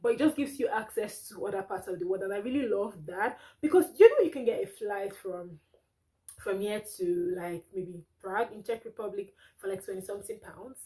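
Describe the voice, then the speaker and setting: A woman's voice: medium pitch, expressive, a little fast, mellow, rough recording. A young woman from Nigeria with a Nigerian accent, chatting casually to camera as a vlogger, laughing often as she talks.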